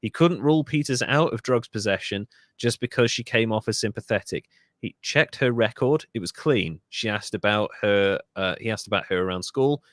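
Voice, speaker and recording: A man's voice: fairly low pitch, moderate pace, no echo, clean studio sound. A Welsh man hosting a podcast, telling a true-crime story in a casual way with asides and self-corrections. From Wales. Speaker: podcast host.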